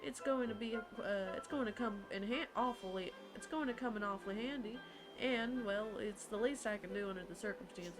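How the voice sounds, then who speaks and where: A woman's voice: medium pitch, brisk, natural voice, poor audio. A woman doing a chatty Southern merchant man. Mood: folksy, salesy. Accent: put-on American Southern. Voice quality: long-winded sales patter. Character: chatty male travelling merchant, salesy. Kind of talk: reading game dialogue aloud. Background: game music.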